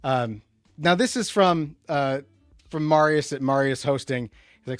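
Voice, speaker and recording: A man hosting a casual tech livestream. He rambles and restarts a lot, jumping between loud emphatic bursts and low muttered asides. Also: unhurried, clear, resonant tone, no echo, faint music behind. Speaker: livestream host.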